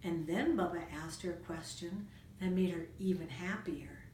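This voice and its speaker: A woman reading a children's storybook aloud in a gentle, expressive storytelling manner. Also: on the low side, moderate pace. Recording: roomy room, distant mic, faint noise.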